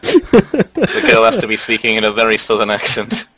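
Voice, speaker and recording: A man's voice: fairly low pitch, wildly swooping pitch, normal speed, pushed and bright, slight background noise. A man joking with friends over voice chat during a game, teasing them with crude jokes. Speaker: gamer in group voice chat. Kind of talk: casual gaming banter.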